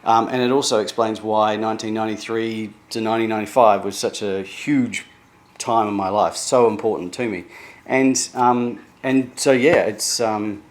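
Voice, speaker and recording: A middle-aged man from New Zealand talking candidly in a personal vlog, halting and emotional, with many restarts. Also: lowish voice, fairly even intonation. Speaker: vlogger sharing therapy progress.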